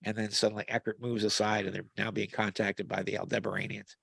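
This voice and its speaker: Gravelly-voiced man rambling in conversation. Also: lowish voice, little pitch movement, fast, a bit bright, no room sound. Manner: rambling, with frequent restarts and fillers. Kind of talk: casual conversational storytelling. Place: video call. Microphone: video call mic.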